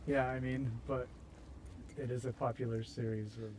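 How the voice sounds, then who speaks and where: A man's voice: mid-range voice, flat delivery, normal speed, a little mellow, a little hiss or hum, low-quality recording. American male streamer, casual rambling chat, self-deprecating humor. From United States. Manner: rambling, self-mocking, laughs at his own jokes. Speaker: streamer host. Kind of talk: casual chat while building in a game.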